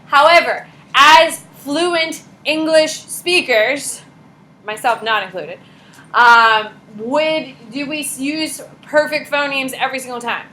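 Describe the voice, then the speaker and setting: Woman teacher lecturing, bright sharp voice, kinda high, jokey and animated, echoey classroom. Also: takes it slowly. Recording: echoey classroom with background noise.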